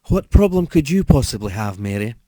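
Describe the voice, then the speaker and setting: Man playing a flustered priest, hesitant, stammering, mellow voice, dry sound. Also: mid-range voice, very animated, fairly quick, no room sound. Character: flustered young male priest, nervous.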